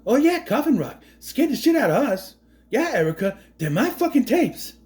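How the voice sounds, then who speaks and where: A man putting on a swaggering, gruff adult man with a mix of Boston and New York accent, delivering lines emphatically. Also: very high voice, very animated, moderate pace, a little mellow, pitched above the performer's own voice. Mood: brash.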